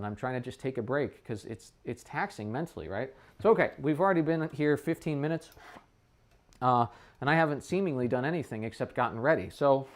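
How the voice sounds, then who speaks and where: Smooth-voiced man explaining practice aloud. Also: mid-range voice. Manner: talks things through aloud, often checking in with "right?"; thinks aloud with frequent restarts. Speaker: trumpet teacher. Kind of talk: casual practice demonstration.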